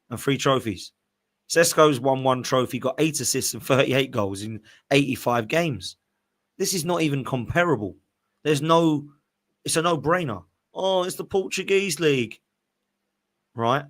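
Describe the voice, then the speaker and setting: A man's voice: mid-range voice, fairly bright tone. A man hosting a casual live-stream podcast, opinionated and emphatic, ranting with rhetorical questions. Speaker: podcast host.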